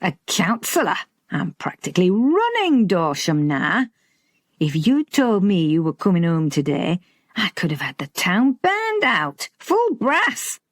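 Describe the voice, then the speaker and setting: A blunt older Yorkshire man who teases and speaks plainly, put on by a woman reading the story. The delivery is slow and a little husky. It sounds close and dry. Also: on the low side, wildly swooping pitch, no room sound, full character voice. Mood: teasing. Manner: bluff, teasing, plain-spoken.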